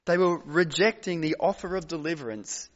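Male pastor, high voice, emphatic sermon delivery with long pauses; dull recording, long hall reverb. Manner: emphatic, dramatic pauses and repetition.

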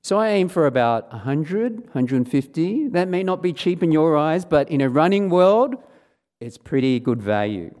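A man's voice: fairly high pitch, big pitch swings, normal speed, darkish tone. A man preaching a sermon, reading scripture aloud and acting out the quoted lines in a raised voice. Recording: long hall reverb.

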